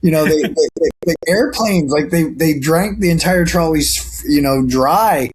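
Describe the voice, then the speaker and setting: A man's voice: on the high side, measured pace, a little hiss or hum. A man being interviewed as a guest actor, talking earnestly in casual chat with lots of fillers and restarts over a video call from home. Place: home, sitting near a camera.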